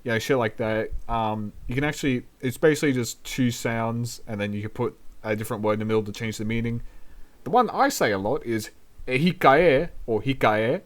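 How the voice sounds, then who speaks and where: Laid-back New man swearing casually. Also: mid-range voice. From New Zealand. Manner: laid-back, profane, laughs often. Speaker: VTuber host. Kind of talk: casual language lesson.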